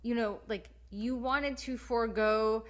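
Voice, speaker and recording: A woman's voice: a little high, steady tone, measured pace. Encouraging woman podcast host. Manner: warm-hearted and encouraging, talks straight to listeners. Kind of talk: casual podcast chat.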